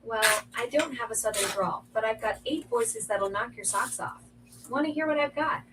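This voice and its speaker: A synthetic female voice playing a sassy home smart-speaker assistant, teasing with quick comebacks through a speaker. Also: fairly high pitch, a bit bright, far from the mic. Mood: chirpy. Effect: played through a home smart speaker. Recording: noisy smart speaker across the room.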